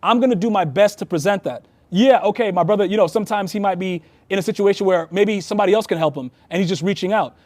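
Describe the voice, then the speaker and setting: A man's voice: sits high, fast, few pauses, a little mellow, no room sound. A man, a Freemason and past master, earnestly telling heartfelt stories in a casual conversation.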